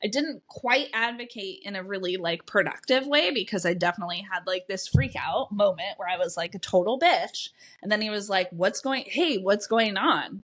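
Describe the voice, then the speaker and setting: A woman's voice: medium pitch, lively intonation, brisk, fairly bright tone. A woman coach hosting her own podcast, talking candidly and bluntly to listeners, swearing freely as she tells her own story. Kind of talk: candid solo podcast monologue.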